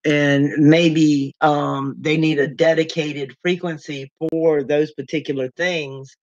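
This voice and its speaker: A woman's voice: sits low, steady tone, slow, no room sound. A woman from Virginia hosting a call-in talk show, chatting in a folksy way and laughing often. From Virginia, USA. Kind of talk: casual call-in chat. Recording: dull distant lo-fi sound.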